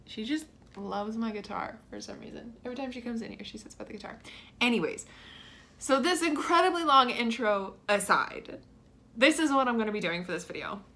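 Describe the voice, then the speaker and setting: A young woman talks casually to her camera from a room at home, her voice sitting a little high and full of bubbly energy. She rambles warmly through her plans with plenty of fillers and small laughs. A faint hiss sits under the recording. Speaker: writing vlogger.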